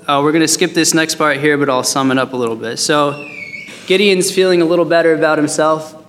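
A man leads a casual Bible study, reading verses and joking his way through them. His voice sits fairly high, and a long hall reverb trails each phrase. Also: a bit bright. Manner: chatty and joking, with fillers. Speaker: Bible teacher.

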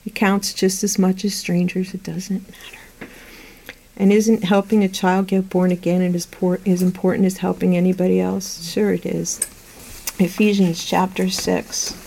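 A middle-aged woman preaching to a group in a meeting room, earnest and conversational, with lively anecdotes. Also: lowish voice, normal speed, creaky, low-quality recording. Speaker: Bible teacher. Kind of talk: sermon to a women's group.

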